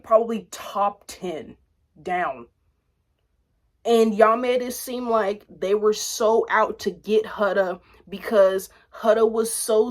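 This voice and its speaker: Blunt, animated young woman ranting. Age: 20s. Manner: animated, blunt, profane, swings between loud outbursts and low asides. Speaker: vlogger commenting on reality TV. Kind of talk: casual rant to camera.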